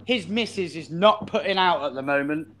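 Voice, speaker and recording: A man's voice: a little high, normal speed. A man teasing others in casual banter. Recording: crowd noise behind.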